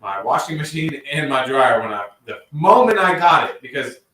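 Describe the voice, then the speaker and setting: A man speaking as a livestream guest, excited and chatty, who keeps saying "man" and "dude". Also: mid-range voice, moderate pace. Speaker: guest detailer. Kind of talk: casual livestream chat. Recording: roomy, distant mic with faint background hiss.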